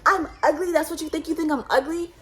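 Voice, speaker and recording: A confrontational teenage girl spits the same taunts again and again in a high, sharp voice, as a woman quotes her in a story. She sounds loud and eager to pick a fight. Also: fairly even intonation, fast, close to an everyday voice. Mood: taunting. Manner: taunting, repetitive, loud challenges.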